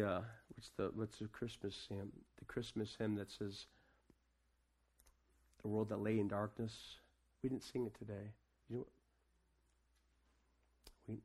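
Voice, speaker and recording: A man preaching a sermon to his congregation, asking them questions and swinging between quiet, casual asides and raised proclamation. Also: on the low side, fairly even intonation, a little slow, pauses often. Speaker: pastor.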